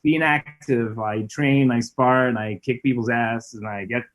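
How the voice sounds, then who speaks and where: A man from Canada, a guest musician, chatting casually on a podcast in a laid-back, halting way with many fillers. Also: mid-range voice, fairly even intonation, dull audio.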